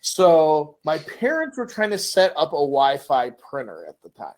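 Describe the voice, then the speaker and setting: A man's voice: on the high side, moderate pace. A middle-aged man co-hosting a casual podcast chat, asking questions and telling stories with acted-out voices. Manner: animated storyteller, acts out voices.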